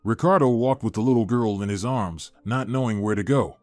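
A man giving scripted story narration in a measured, even storytelling manner. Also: fairly low pitch, no room sound, faint music behind.

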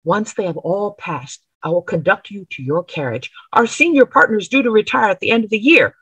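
A nervous young clerk , voiced by a woman reader, talks in a flustered, apologetic rush. The tone is bright and a little breathy. The recording is dry and close. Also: medium pitch, lively intonation, fairly quick, no room sound, lo-fi sound.

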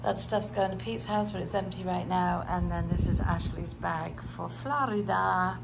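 Emptying out her house, a British woman chats casually to her vlog, sounding tired with an emotional edge beneath the chatter. She speaks British English in a creaky, lowish voice at a moderate pace, over a noisy home recording.

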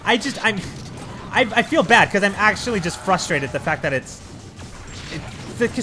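A man narrates his gameplay in a casual, unscripted way, his high voice swinging widely in pitch as frustration builds. He swears freely and breaks into sudden yells. His tone stays bright and sharp-edged, with faint music playing behind him. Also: animated, moderate pace, pauses often. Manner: frustrated, swearing, bursts of yelling. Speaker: let's play host.

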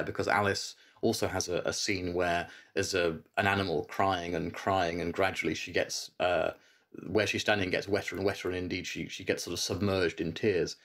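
A man's voice: low-pitched, a bit bright. A man giving a reflective literary lecture as a church reader, thoughtful, with frequent hesitations and restarts.

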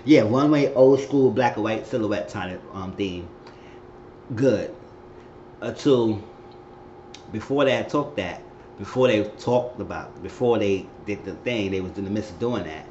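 A man casually recapping a TV episode, acting out the characters' lines with sudden high squeals. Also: unhurried, a little hiss or hum. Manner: animated retelling, acting out quotes with high squeals. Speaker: recap host. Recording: echoey room, dull lo-fi sound.

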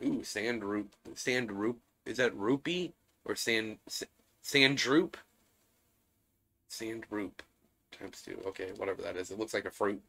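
A man giving casual, chatty let's play commentary as a gaming YouTuber, relaxed and trailing off quietly. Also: on the low side, moderate pace, creaky, faint music behind.

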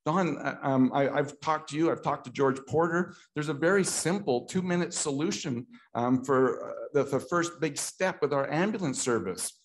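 A man's voice: on the high side, normal speed, hardly any pauses. A middle-aged Canadian man giving an impassioned talk at a political meeting, repeating himself and restarting often as he grows emotional.

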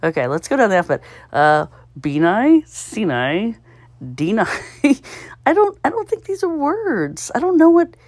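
A woman's voice: a little high, sing-song, a little slow, darkish tone, no echo, clean studio sound. Chatty woman thinking aloud, self-mocking. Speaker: puzzle-solving vlogger. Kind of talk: casual solo commentary while solving.

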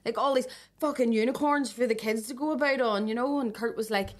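A woman's voice: a little high, moderate pace. A woman hosting a podcast, telling a story in casual chat, laughing often and swearing freely. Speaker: podcast host.

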